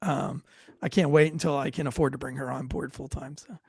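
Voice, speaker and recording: A man's voice: mid-range voice, steady tone, a little fast, vocal fry, darkish tone, slightly rough, no room sound, studio quality. A middle-aged man hosting a casual live chat, telling rambling, profane stories and acting out what people said. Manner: rambling storyteller, swears freely, acts out quotes. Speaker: host, former police officer.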